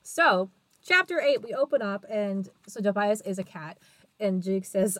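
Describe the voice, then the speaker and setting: A woman's voice: medium pitch, lively intonation, moderate pace, dry recording. A woman co-hosting a casual book podcast over a video call, recapping chapters and laughing often. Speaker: podcast co-host.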